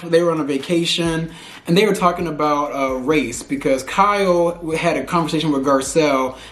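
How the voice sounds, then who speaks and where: Frank, slangy man in an echoey room. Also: fairly high pitch. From Houston, Texas. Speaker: pop culture commentator. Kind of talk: casual opinion vlog.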